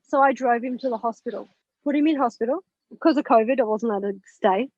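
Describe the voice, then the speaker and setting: Podcast guest: frank, lively woman with a high voice, on a dull lo-fi recording. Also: fast talker, dry recording. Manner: animated, candid, swears and laughs while recounting. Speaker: podcast guest, spiritual mentor. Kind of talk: personal storytelling in an interview. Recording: dull lo-fi, dry sound.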